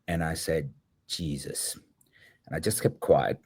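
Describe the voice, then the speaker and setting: Speaking at a moderate pace, this man has a bass voice that is a little mellow with a breathy edge. He's a filmmaker guest in his fifties recounting a personal story reflectively, performing the dialogue himself and slipping in occasional filler words.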